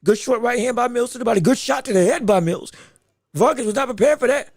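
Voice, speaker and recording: A man hosting a live podcast, giving rapid round-by-round boxing commentary with excited outbursts. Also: very high voice, dry recording, studio quality. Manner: rapid play-by-play, excited outbursts, talks to the chat. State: hiccups.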